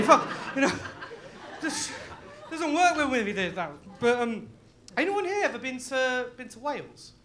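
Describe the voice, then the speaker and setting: A young man from Leicester doing a live stand-up set, loud and laughing, full of crude banter with the crowd. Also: very high voice, sing-song, normal speed. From Leicester, England. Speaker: stand-up comedian.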